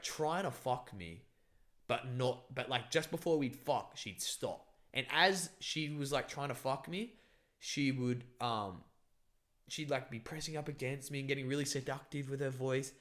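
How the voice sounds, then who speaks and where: Rambling young man telling a story. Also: mid-range voice. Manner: rambling, full of "like" and swearing. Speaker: podcast co-host. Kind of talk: casual storytelling chat.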